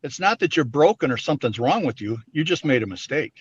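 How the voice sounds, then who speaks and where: A man's voice: fairly high pitch, big pitch swings, fast, husky, no room sound. A man being interviewed, talking earnestly and explaining his points through everyday examples. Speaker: interview guest. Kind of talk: candid personal interview talk. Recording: dull dry lo-fi sound.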